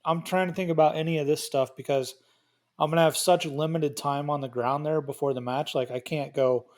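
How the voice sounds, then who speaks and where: A man's voice: a little high, fairly even intonation, brisk, a little mellow. A man on a podcast as a guest in casual chat, laid-back and joking.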